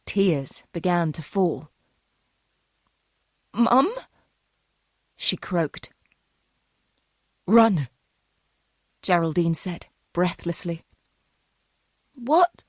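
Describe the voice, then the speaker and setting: Low-voiced woman narrating. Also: a little mellow, no room sound, studio quality. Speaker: audiobook narrator. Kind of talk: scripted narration of a thriller.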